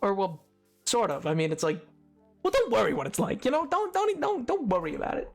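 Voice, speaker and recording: A man's voice: sits high, wildly swooping pitch, fairly quick, vocal fry, soft background music. Man streamer riffing casually; restarts and stammers, self-mocking, desk mic. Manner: rambling, stammering self-deprecating banter. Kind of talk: casual gameplay commentary. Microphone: desk microphone.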